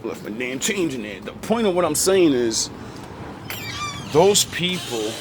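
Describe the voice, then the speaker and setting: A man ranting heatedly to camera from his car, swearing often and raising his voice to shouts. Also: mid-range voice, very animated, normal speed, noisy background. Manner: angry, swearing, rising to shouts. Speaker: vlogger. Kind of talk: heated profane rant.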